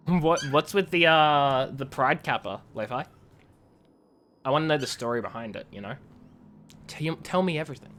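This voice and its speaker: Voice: mid-range voice, lively intonation, moderate pace, long pauses, fairly bright tone. A streamer chatting casually with viewers during a game playthrough and reading game logs aloud.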